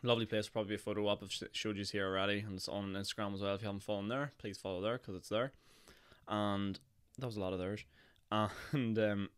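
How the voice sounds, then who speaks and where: Hoarse young Northern Irish man, chatty. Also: on the low side, steady tone, fast. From Northern Ireland. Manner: chatty and jokey, with frequent laughs and fillers. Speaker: podcast host. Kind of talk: casual solo podcast chat.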